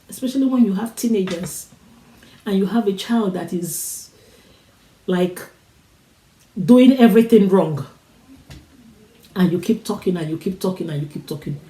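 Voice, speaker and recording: A woman's voice: mid-range voice, warm tone, echoey room, poor audio. Woman giving an urging, repetitive pep talk. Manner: repetitive, urging, preacher-like cadence. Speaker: motivational speaker. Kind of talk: motivational talk.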